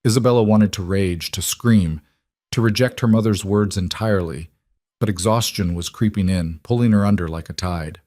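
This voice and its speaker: A man narrating a scripted romance story in an even, measured way. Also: lowish voice, no echo.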